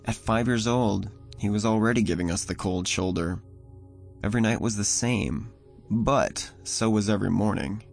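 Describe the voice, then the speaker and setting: Gravelly low-voiced male horror narrator. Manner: measured, somber. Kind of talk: first-person horror story narration. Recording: voice over soft music.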